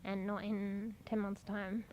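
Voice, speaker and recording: A woman's voice: mid-range voice, little pitch movement, slow pace, dull audio, slight background noise. A young woman streaming a game, chatting casually and rambling, swearing freely and laughing often. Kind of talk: casual live-stream chat.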